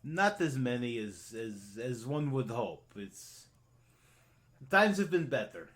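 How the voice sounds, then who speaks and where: A man's voice: mid-range voice, sing-song, unhurried. A man voicing a gloomy toymaker who speaks in clipped, broken English without articles. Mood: earnest.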